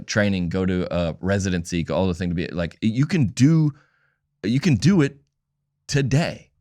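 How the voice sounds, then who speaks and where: Man, comedian guest, very low voice, casual interview, rambling, restarts. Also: a little mellow.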